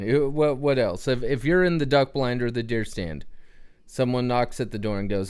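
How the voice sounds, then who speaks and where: Male livestream host, smooth clear voice, chatty and rambling, asks the chat questions. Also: mid-range voice, a little slow, darkish tone. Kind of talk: casual livestream chat with viewers.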